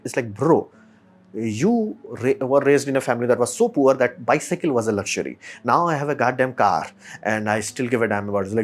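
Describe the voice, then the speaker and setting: A man's voice: mid-range voice, expressive, a little fast. A man hosting a podcast, talking casually and emphatically, with rhetorical questions and mock quotes. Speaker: podcast host. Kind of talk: casual solo commentary.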